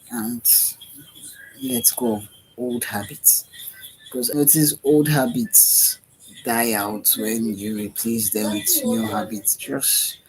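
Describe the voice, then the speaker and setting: A man's voice: mid-range voice, darkish tone, rough recording. A man, talking to camera in a rambling, dreamy vlog full of repetition, sighs and yawns. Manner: meandering, dreamy, repeats himself, with yawns and sighs. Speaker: vlogger. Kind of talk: rambling spiritual self-talk vlog.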